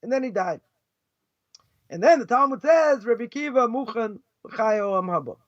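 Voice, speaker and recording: A passionate man lecturing as a rabbi, with a very high voice that swings between sarcasm and near-shouting. The sound is dull and muffled, recorded dry and close with no room around him. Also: expressive, no echo. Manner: loud, passionate, sarcastic, quick mock voices for others. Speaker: rabbi teaching a lesson. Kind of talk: fiery lesson.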